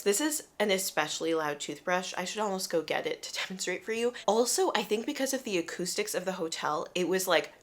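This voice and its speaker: A young woman from the United States telling a travel story in an animated, chatty, self-deprecating way. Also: on the low side. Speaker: vlogger. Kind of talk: casual storytelling to camera.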